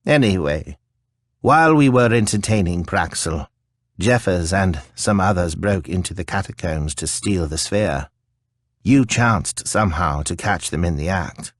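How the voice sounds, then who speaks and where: A man reading an audiobook, voicing a kindly, stooped old male priest who talks in a slurred, creaky, gentle way. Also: low-pitched, animated, unhurried, dry recording, clean studio sound. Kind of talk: audiobook character voice.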